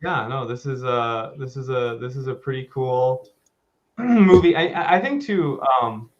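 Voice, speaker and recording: Mid-pitched man, jokey rambling podcast co-host, slightly muffled audio. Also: measured pace. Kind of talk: casual film discussion podcast.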